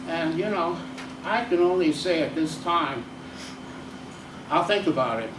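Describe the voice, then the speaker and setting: A man, a teacher and playwright, performing a solo stage monologue with halting speech full of fillers. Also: a little high, lively intonation, background noise. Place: stage in a theater. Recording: echoey room, distant mic, faint ambience.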